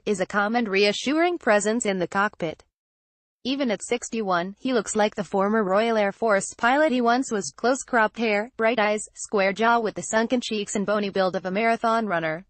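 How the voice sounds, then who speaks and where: A woman reading a news feature in a measured, scripted narration, reading quoted lines in the same even voice. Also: medium pitch, no room sound. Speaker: news reader.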